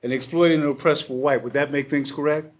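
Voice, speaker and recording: A calm older male mentor speaks with patience and quiet firmness, as an older storyteller voices him. He lays out his points in measured, persuasive questions. The voice stays close to the storyteller's own slightly high tone. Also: natural voice.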